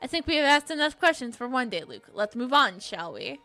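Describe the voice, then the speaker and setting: A calm, courteous gentleman professor, read by a woman in a bright, clear tone. He speaks formally and evenly, polite and measured as a puzzle-game hero. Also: sits high, soft background music, heavily acted.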